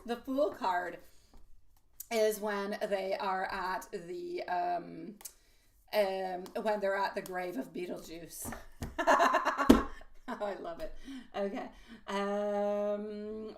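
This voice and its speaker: A woman's voice: mid-range voice, slight background noise. A woman hosting a live tarot reading, chatting affectionately with viewers, using pet names and laughing often. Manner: laughs often, quick asides. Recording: voice a bit distant from the mic.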